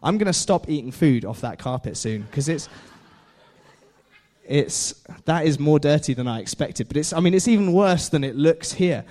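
A man's voice: a little high, expressive, moderate pace, dark tone. A young man preaching a casual sermon, chatty, laughing often and putting questions to his listeners. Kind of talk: informal sermon.

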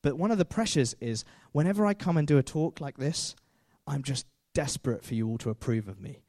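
A man's voice: on the high side, animated, fairly quick, darkish tone, no echo, clean studio sound. A man preaching a sermon in a chatty way, with self-deprecating jokes and frequent fillers.

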